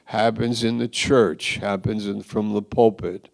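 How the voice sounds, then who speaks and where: A man delivers a sermon with a low, gravelly voice. He speaks slowly and deliberately, swinging from loud exclamations to hushed asides. It sounds like a church pulpit. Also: fairly even intonation. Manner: dramatic, shifts from loud exclaims to quiet asides. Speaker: pastor.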